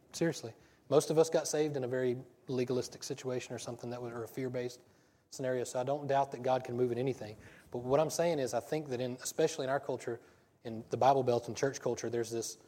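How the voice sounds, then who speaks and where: A man's voice: mid-range voice, dark tone. A man preaching a casual sermon, rambling and breaking into stories, often restarting his sentences. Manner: rambling, self-interrupting storyteller. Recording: long hall reverb.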